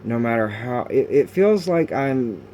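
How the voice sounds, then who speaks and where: A man recording a confessional video diary at home, talking in halting, raw bursts with many restarts and fillers, frustrated and sometimes cursing. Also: medium pitch, expressive, darkish tone, muffled recording, slight background noise. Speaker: video diarist.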